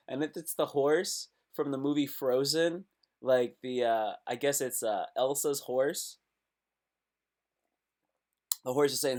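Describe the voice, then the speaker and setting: A man's voice: medium pitch, measured pace, a little mellow. A man hosting a casual live stream, reacting aloud to web posts in a loose, slangy way.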